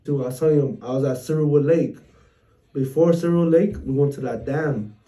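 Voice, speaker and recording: A man's voice: a little high, a little fast, mellow, recorded from a distance, poor audio. A man co-hosting a podcast, telling a scary story in rambling casual chat full of slang and swearing. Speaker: podcast co-host.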